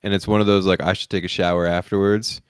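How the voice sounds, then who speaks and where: A man with a fairly low voice rambles through crude, profanity-laced stories on a comedy podcast, often breaking into laughter. The sound is dry and close, with no room around it. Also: flat delivery, fast, clear, resonant tone, no room sound. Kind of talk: crude casual chat.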